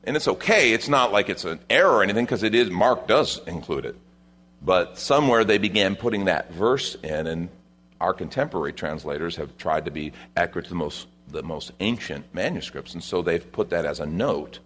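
Animated low-voiced male pastor preaching. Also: brisk, slight background noise. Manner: animated preaching, rising to loud emphasis. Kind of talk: sermon.

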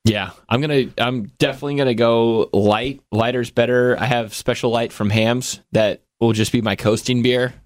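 A man's voice: mid-range voice, steady tone, moderate pace, few pauses. A man co-hosting a casual podcast, chatting in an easygoing way. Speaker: podcast co-host. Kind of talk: casual chat.

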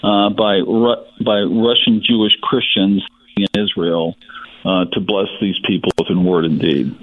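A man from Connecticut, a nonprofit president, speaking calmly as a radio guest over the phone. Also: fairly low pitch, a little slow. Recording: tinny phone line.

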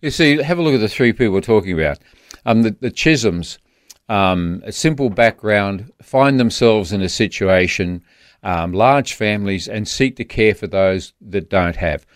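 Earnest Australian man, low and dry. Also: expressive, dry recording. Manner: earnest, halting with many restarts. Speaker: guest author. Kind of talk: storytelling in a radio interview.

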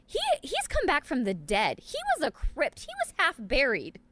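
High lively woman chatting sports, bouncy, lots of likes and ums. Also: normal speed. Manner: animated, laughs often, many fillers. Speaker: podcast co-host. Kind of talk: casual sports chat.

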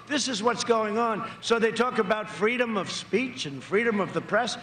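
A man's voice: very high voice, expressive, normal speed, few pauses, bright, forceful tone. A man giving a campaign rally speech, emphatic and repetitive, with rambling asides. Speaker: political candidate. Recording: echoey rally recording.

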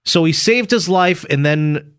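A man hosting a morning radio show, telling stories and teasing his co-host in animated banter. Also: a little high, a little slow, smooth, dry recording, studio quality.

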